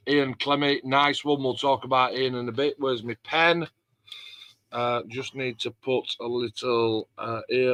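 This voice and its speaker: A man's voice: medium pitch, pushed and bright, no room sound. A middle-aged man, chatting casually as a club host and acting out conversations. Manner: chatty storyteller, acts out conversations with dialect words. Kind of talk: casual chat.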